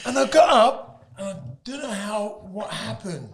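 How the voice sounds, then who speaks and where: Brief: man in his fifties, a high, lively storyteller who laughs often. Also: normal speed, over a noisy crowd. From Britain. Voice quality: laughs often mid-story, loud emphatic bursts. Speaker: guest. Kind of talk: animated storytelling.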